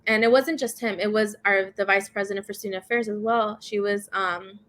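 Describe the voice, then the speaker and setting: A woman's voice: mid-range voice, fairly quick. A woman, a guest in an interview, telling a story in casual conversation and acting out the other people in it. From first-generation Latina in the United States. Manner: animated, quotes others in dialogue.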